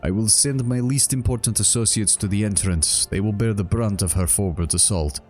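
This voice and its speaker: A man voicing a weary, bloodthirsty older gang boss who speaks in a slow, lazy drawl in a tabletop role-playing game. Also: fairly low pitch, a little mellow, soft background music, natural voice. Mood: grim.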